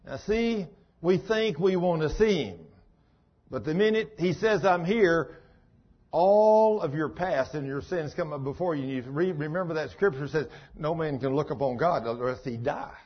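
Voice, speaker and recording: A man's voice: a little high, expressive, normal speed, lo-fi sound. A man preaching a sermon in a folksy, dramatic storytelling manner.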